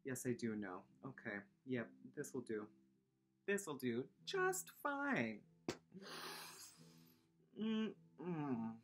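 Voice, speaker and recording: Lively, playful woman music teacher. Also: very deep voice, extremely slow, pauses often. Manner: playful, teasing, chanting rhythm syllables. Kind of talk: online music lesson for young kids.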